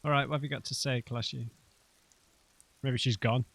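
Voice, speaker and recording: A man's voice: medium pitch, fairly even intonation, fairly quick, gravelly, fairly bright tone, slightly rough. A man hosting a let's play, commenting on the game in a rambling, hesitant, chatty way. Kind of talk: casual gameplay commentary.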